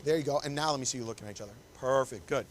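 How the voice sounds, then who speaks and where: Speaking at a racing pace in a medium-pitched voice, a male wedding photographer runs a live posing demo with a couple in a small indoor space. He coaxes and directs them nonstop in an upbeat way, with slight background noise audible.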